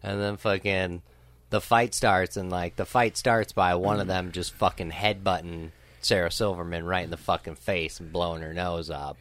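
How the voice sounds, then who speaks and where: A young man in casual chat outdoors by a grill, rambling through a story with heavy swearing and loud bursts of laughter. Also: deep voice, fairly even intonation, moderate pace.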